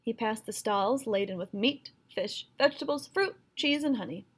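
A woman reading a folktale aloud with expressive, rhythmic storytelling. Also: on the high side, moderate pace, slightly rough.

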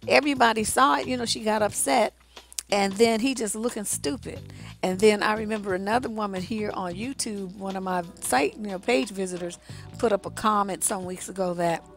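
A woman relationship coach giving blunt, profane, conversational advice straight to her audience. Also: medium pitch. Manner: conversational, addresses the audience directly. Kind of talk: casual advice monologue.

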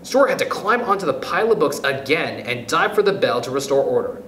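A man narrating a children's storybook with an animated, expressive lilt and a fairly high voice. The sound rings in a roomy space with a faint hiss underneath. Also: brisk. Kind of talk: reading a children's book aloud. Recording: roomy echo, faint noise.

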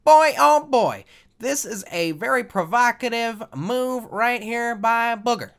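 A man putting on the voice of a hyped-up male wrestling play-by-play announcer, calling the action loudly and excitably. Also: slow, exaggerated voice. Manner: loud, booming, excitable calls.

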